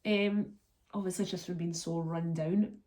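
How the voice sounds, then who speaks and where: A woman's voice: lowish voice, fairly even intonation, moderate pace, dark tone. A Scottish woman chatting to her camera in a loose, rambling way, full of ums and likes. She sounds congested and worn down by a cold. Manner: chatty, rambling, lots of fillers. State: congested and run down from illness. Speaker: vlogger. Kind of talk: casual vlog chat.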